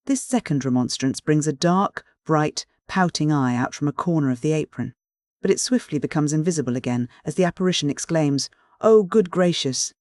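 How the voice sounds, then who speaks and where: An audiobook narrator reading a classic novel at a calm, measured pace, mid-pitched and even. The sound is close and dry, with no room echo.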